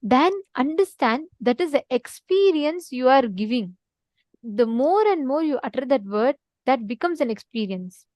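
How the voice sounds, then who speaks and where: Woman, spiritual teacher, earnest and repetitive; high voice, dry close sound. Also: expressive, unhurried, a little mellow, no echo. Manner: earnest, repetitive, prompts listeners to respond. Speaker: spiritual teacher in an online session. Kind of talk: spiritual talk to an online audience.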